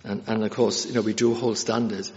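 A man preaching a sermon in an earnest, halting way, with many fillers and restarts. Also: fairly low pitch, level tone, darkish tone. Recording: reverberant hall, dull lo-fi sound.

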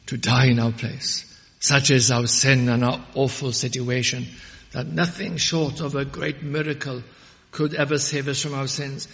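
A man preaching a sermon, fervent and emphatic, rising to loud peaks when he quotes scripture. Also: medium pitch, steady tone, a little slow. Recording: muffled audio with long hall reverb.

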